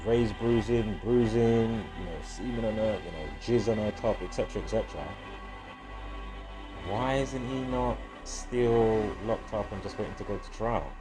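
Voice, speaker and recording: A man's voice: lowish voice, normal speed. A man, rambling casually and profanely through a video monologue, often stopping to correct himself. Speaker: video host. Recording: faint background music. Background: faint music.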